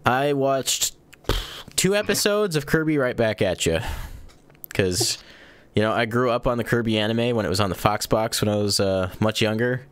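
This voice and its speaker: A man's voice: medium pitch, normal speed, smooth, dry recording. Dry-miked man in casual podcast chat. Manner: rambling, animated storytelling with frequent laughs. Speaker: podcast host.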